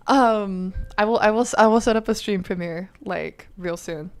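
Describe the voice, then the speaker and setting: A woman's voice: medium pitch, fairly even intonation, a little slow, hardly any pauses, clear, resonant tone, soft background music. A tired young woman streamer chatting casually, rambling with lots of fillers and laughs.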